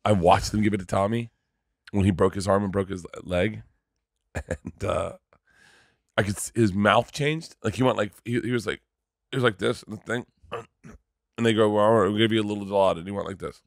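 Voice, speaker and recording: Low-voiced man telling a wild story. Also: creaky, no echo, clean studio sound. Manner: animated, halting storytelling with restarts and swearing. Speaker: guest comedian. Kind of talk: casual podcast storytelling.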